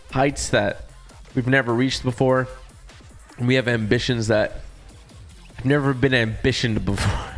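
A man's voice: mid-range voice, creaky. Casual male game streamer, sore throat. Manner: reads out viewer shout-outs in quick, upbeat bursts. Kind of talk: casual live-stream chat.

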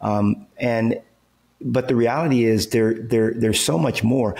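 A man's voice: medium pitch, a little slow, vocal fry, darkish tone. A man who is a real estate entrepreneur and coach, guest on an interview, explaining his ideas emphatically in casual talk with everyday examples and frequent checks like "okay" and "right".

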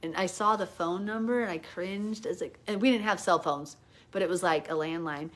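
Speaking a little fast in a lowish register, this middle-aged woman leads a live Bible lesson. Her talk is hyper and chatty, packed with "like," until recounting her prayer makes her earnest and emotional.

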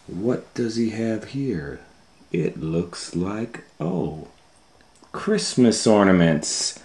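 A man reads a children's picture book aloud at a very slow, unhurried pace. His voice sits a little low. He swings between loud scolding calls and soft, hushed asides. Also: animated. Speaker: storytime host reading a picture book.

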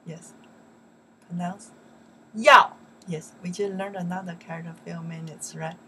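A woman teaching vocabulary, who says words loud and slow and drops into soft, quick English asides. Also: fairly low pitch, level tone, slight background noise. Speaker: Chinese teacher. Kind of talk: language lesson.

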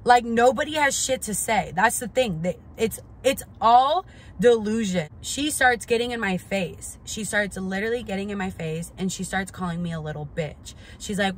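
A woman's voice: mid-range voice, moderate pace. A young woman vlogger telling a storytime in casual, profane speech, full of "like". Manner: profane, animated, lots of "like".

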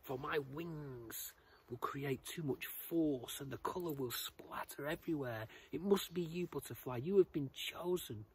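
A man voicing an old wise male owl in a children's story, speaking slowly and calmly. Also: a little high, slightly rough. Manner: slow and measured.

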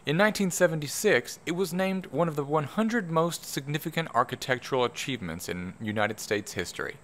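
A man's voice: fairly high pitch, animated, brisk, a bit bright, pitched above the performer's own voice. A man putting on his best documentary-narrator voice, reading facts in a stiff, announcer-like way. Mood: formal. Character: mock documentary narrator, male, formal.

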